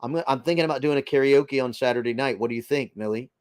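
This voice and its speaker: A man's voice: mid-range voice, fast, no room sound. A man from the Boston area with a slight Boston accent, hosting a casual live stream and greeting viewers by name, with a rambling, filler-heavy way of talking.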